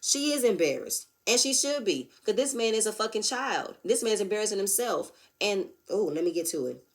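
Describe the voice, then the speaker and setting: A woman giving a blunt, profane, animated recap of a reality show episode. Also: medium pitch, moderate pace. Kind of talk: casual recap commentary.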